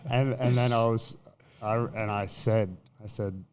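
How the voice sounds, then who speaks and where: An Australian man in a casual chat, telling animated stories and acting out quotes. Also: on the low side, unhurried, slight background noise. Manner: animated storytelling, acts out quotes. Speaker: podcast guest.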